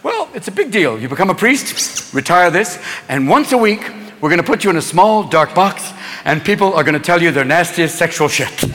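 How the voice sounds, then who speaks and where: Animated high-voiced male stand-up comic. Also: a little fast, a little hiss or hum. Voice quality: animated, brash, switches between voices. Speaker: stand-up comedian. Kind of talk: stand-up comedy set. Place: live comedy venue with audience. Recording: live venue with long reverb and crowd.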